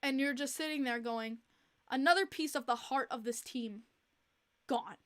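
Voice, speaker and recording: A young woman hosting a podcast livestream, chatting casually in an animated, exasperated way and repeating herself, with many fillers. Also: high-pitched, normal speed. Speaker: podcast host.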